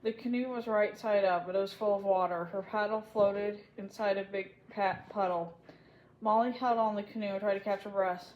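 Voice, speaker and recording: A woman's voice: mid-range voice, fairly even intonation, normal speed, a little mellow, highs cut off, slight background noise. Woman reading a children's book aloud. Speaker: storybook reader.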